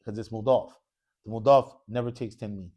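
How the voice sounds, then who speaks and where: A man's voice: fairly low pitch, fairly even intonation, a little fast, dark tone. A man teaching an Arabic grammar class in a mosque classroom, constantly quizzing his students with questions. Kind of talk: classroom lesson.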